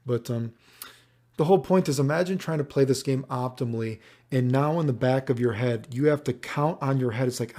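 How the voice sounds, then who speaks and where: A man rambles through casual commentary on gameplay clips, with a mellow, gravelly tone. He swears freely and keeps checking whether the listener follows. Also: medium pitch, fairly quick. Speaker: fighting game commentator.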